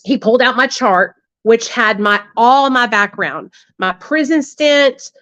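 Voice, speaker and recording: A woman's voice: on the high side, measured pace, a bit bright, dry recording. A woman, telling her recovery story casually and bluntly, with plenty of swearing and asides to her listeners. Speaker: livestream host sharing her recovery story. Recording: dull, slightly lo-fi dry sound.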